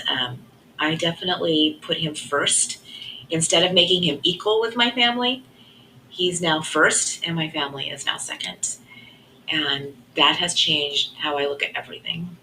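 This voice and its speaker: A middle-aged woman sharing her faith testimony in an earnest, reflective way, often trailing off softly. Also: low-pitched, measured pace, a little hiss or hum, rough recording.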